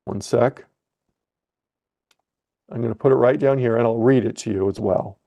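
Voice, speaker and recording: A man coaching a live webcast lesson, thinking aloud and correcting himself as he clicks through trading software. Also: mid-range voice, normal speed, creaky.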